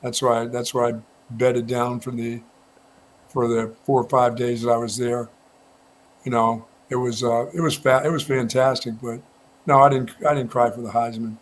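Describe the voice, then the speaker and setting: A man's voice: mid-range voice, normal speed. Male sports radio co-host, casual rambling delivery, light background noise. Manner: relaxed storytelling, frequent restarts. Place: radio studio.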